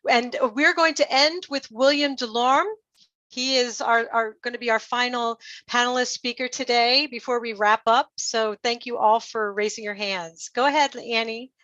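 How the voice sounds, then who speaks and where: A woman's voice: fairly high pitch, steady tone, moderate pace, fairly bright tone, no echo, lo-fi sound. A woman moderating an online panel, upbeat and encouraging as she introduces speakers.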